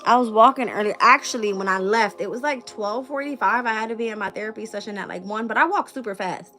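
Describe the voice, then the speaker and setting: A woman's voice: medium pitch, fast, sharp tone, faint music behind. A woman hosting a tarot channel in a casual live-stream chat, blunt and profane and laughing often. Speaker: tarot reader and channel host.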